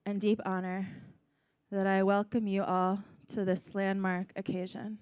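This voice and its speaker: Woman teaching public speaking, real slow, kinda high voice, dry sound, keeps asking okay?. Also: smooth, dry recording. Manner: animated teacher, stresses words and checks in with "okay?". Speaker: workshop presenter. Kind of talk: public speaking workshop lesson. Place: workshop room.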